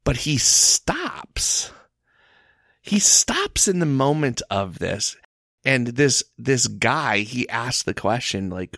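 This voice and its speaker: A man leading a casual Bible discussion, earnest and halting with frequent restarts. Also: medium pitch, big pitch swings, creaky, fairly bright tone, no echo, studio quality. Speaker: Bible study leader.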